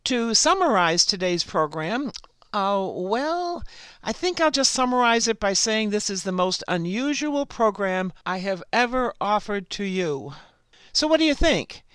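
A woman's voice: medium pitch, sing-song, a bit bright, clean tone, no room sound. A woman hosting a program, reading a fable aloud in scripted narration. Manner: slow, unhurried read-aloud delivery. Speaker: program host and storyteller.

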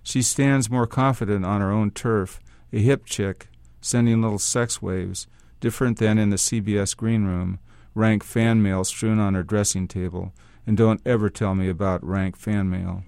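A man's voice: fairly low pitch, fairly even intonation, moderate pace, gravelly, a little mellow, smooth, dry recording. A man reading first-person literary fiction aloud in a wry, hard-boiled manner, in a dry, close recording. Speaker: story reader.

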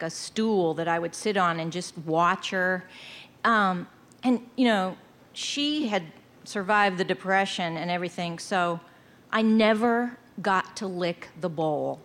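A woman telling lively anecdotes in an interview, laughing often and acting out quoted voices. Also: medium pitch. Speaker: storytelling guest.

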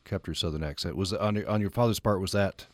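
A man with a Utah accent hosting a radio interview, relaxed and conversational with many fillers. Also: low voice, fast, no echo, clean studio sound. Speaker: radio host. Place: radio studio. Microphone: studio microphone.

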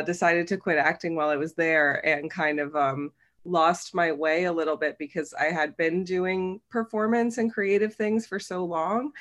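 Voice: mid-range voice, a bit bright. A guest from Cincinnati who writes comedy answers interview questions at length. The voice sits in a middle range, and the tone is chatty and self-deprecating, with frequent ums and light laughs. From Cincinnati, United States.

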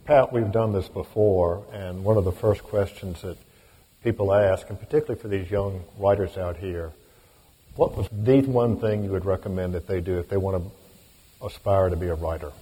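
A man's voice: sits low, moderate pace, mellow, breathy edge. A man interviewing an author on stage, asking questions conversationally.

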